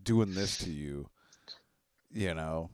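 Relaxed low-voiced man chatting. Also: slow pace, clear, resonant tone, no echo, clean studio sound. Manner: laid-back, profane, trailing off mid-thought. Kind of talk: casual chat.

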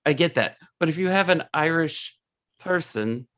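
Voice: medium pitch, animated, normal speed, a bit bright, no echo, clean studio sound. A podcast co-host in a casual movie discussion, laughing often and starting hesitantly.

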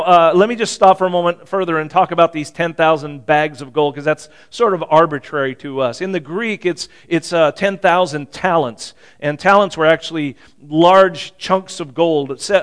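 Chatty pastor man, fairly high voice. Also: normal speed, clean tone. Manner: conversational, joking asides, asks the audience questions. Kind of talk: sermon.

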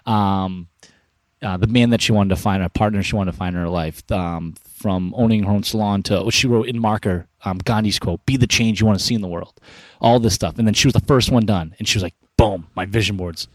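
Fast-talking energetic male storyteller. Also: on the low side, dry recording. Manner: energetic, animated storyteller acting out quoted dialogue. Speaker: podcast guest, founder of an inspiration business. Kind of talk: casual storytelling interview.

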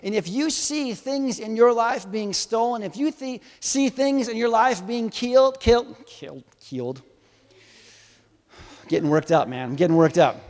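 A man preaching a sermon to a live congregation, animated and swinging from soft to loud, teasing and quizzing his listeners. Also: very high-pitched, moderate pace, few pauses. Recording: long hall reverb.

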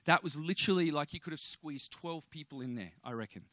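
A man preaching in church, telling a personal story in an animated way. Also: on the high side, fairly quick, no echo, clean studio sound. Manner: animated storytelling, acts out voices, restarts often.

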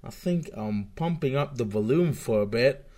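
A man streaming and reacting to clips, swearing and mocking, swinging from mutters to loud outbursts. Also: medium pitch, animated, moderate pace. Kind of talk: casual profane commentary. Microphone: webcam setup microphone.

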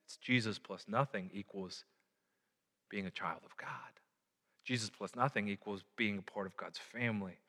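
A man preaching a sermon as a pastor, animated and building to loud emphatic peaks. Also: on the low side, normal speed. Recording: echoey hall.

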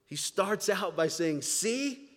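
A man preaching a sermon, moving between quiet, reflective stretches and loud, emphatic declarations. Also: on the high side, measured pace, big-room sound. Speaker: pastor. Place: church sanctuary, standing before a congregation.

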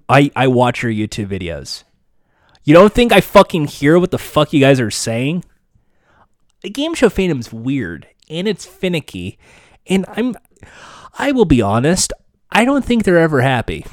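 A man's voice: a little high, very animated, a little slow, dry recording. A man hosting a podcast in casual chat, candid and sarcastic, swearing freely. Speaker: podcast host.

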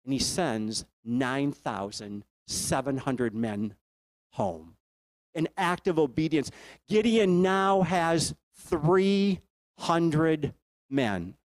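A man preaches a storytelling sermon and often asks his listeners to think along. His voice sits fairly high for a man. The sound is dry and close, with no room echo. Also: expressive, drawn-out words.

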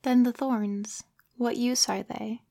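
A woman's voice: on the high side, fairly even intonation, takes it slowly, creaky, warm tone. A woman voicing an earnest, persistent little boy prince from a tiny planet in a storybook reading, asking questions insistently. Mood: curious.

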